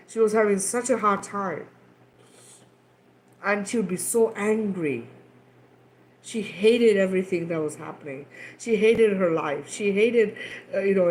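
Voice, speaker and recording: A mother of two daughters talks frankly and earnestly to camera in a casual spiritual chat, emphatic and swearing casually, often checking in with "right?" and "okay?". Her voice is mid-range, and the low-quality recording has a little hiss or hum.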